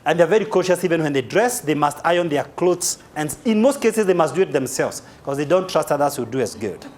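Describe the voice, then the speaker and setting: A man with a Kenyan accent giving a humorous, animated live seminar talk as a motivational speaker, spelling key words aloud. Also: a little high, a little fast, slight background noise.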